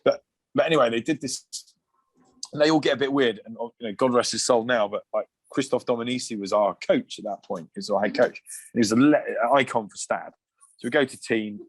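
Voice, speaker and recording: A man from England, a podcast guest, telling loose, rowdy anecdotes at an average pitch. He swears freely and chuckles his way through the tales. The recording is dry and close, with no room sound. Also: fairly quick, husky, dry recording. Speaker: podcast guest, former rugby player. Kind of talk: casual anecdotal storytelling.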